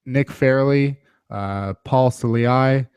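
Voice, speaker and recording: A male podcast host talks loosely and self-deprecatingly, full of "uh" pauses, at an ordinary mid pitch. His voice is recorded close and dry, with no room sound. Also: darkish tone, smooth, no echo. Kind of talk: casual sports podcast chat.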